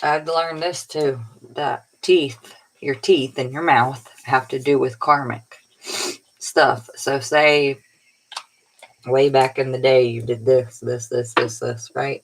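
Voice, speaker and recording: A woman's voice: rumbling low, creaky, slight background noise, rough recording. A woman tarot reader giving a casual, rambling spiritual pep talk in a colloquial way, sounding tired. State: tired, yawning.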